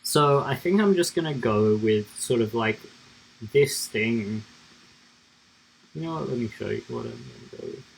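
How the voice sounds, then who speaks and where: Gravelly-voiced man rambling while coding. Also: mid-range voice, sing-song, a little slow, pauses often, slight background noise, rough recording. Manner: rambling, thinking aloud with many fillers. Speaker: streamer coding live. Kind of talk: casual live-coding stream talk.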